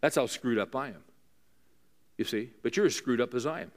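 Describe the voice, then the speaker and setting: A man's voice: medium pitch, a little fast. A man preaching a sermon to a room of men, conversational and earnest, often asking his listeners questions.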